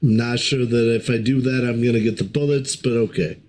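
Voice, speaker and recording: A man's voice: medium pitch, brisk, a little mellow. Matter-of-fact man at a game table. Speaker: player.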